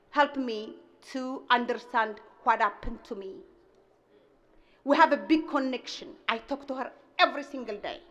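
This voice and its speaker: A woman giving a commencement speech, telling personal stories in non-native English and acting out dialogue with lively energy. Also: sits high. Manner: animated, acts out family dialogue. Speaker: commencement speaker. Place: graduation ceremony.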